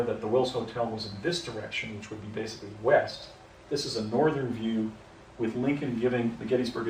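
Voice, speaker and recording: A man's voice: medium pitch, slight background noise. A man telling a personal story outdoors, often stopping to correct himself and restarting his sentences. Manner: rambling, self-correcting, with frequent restarts. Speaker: storyteller recounting a personal experience. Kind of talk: unscripted first-person account. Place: outdoors, on location. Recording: roomy echo, mic at a distance, faint ambience.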